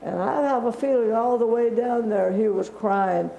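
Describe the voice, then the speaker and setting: A woman's voice: fairly high pitch, moderate pace, creaky, phone-quality sound, a little hiss or hum. A woman teaching a Bible story to children in a church, chatty and asking them questions. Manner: conversational, asks the children questions. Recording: echoey church room.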